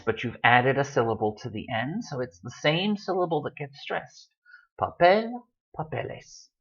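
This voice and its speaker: Animated male language tutor, lo-fi. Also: mid-range voice. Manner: patient, explanatory, repeats words slowly for emphasis. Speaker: Spanish tutor. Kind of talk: online language lesson. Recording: dull lo-fi audio.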